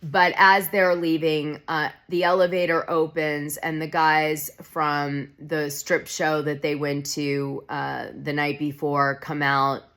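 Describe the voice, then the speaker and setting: This woman vlogger recaps a reality show in a casual, chatty, gossipy way, sharing strong opinions and saying "like" constantly. Her voice is low and fairly bright, with a flat, unhurried delivery and few pauses.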